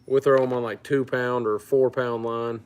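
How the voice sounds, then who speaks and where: Man from Louisiana, mid-pitched, easygoing stream host answering chat. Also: normal speed, slight background noise. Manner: relaxed, reads out and answers viewer comments. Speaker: fishing channel host. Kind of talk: casual livestream chat.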